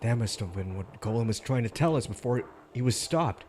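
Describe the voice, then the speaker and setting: A man's voice: medium pitch, animated, fairly quick, darkish tone. A young man casually playing through a game on a live stream, joking and reading character lines aloud into a desk mic. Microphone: desk mic with static.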